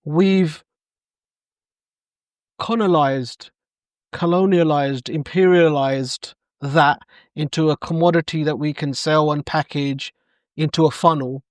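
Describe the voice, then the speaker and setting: A middle-aged male coach, guesting on a podcast, speaks a little high and takes it slowly, pausing often. The audio is clean studio sound with no room noise. He tells his stories in a conversational interview, animatedly performing the dialogue in them.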